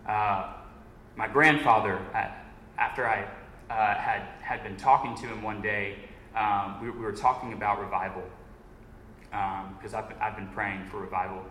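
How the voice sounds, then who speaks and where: A man's voice: on the low side, fairly even intonation, moderate pace, sharp tone. A man giving a sermon as a guest preacher, telling a story in an earnest way. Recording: echoey room with faint noise.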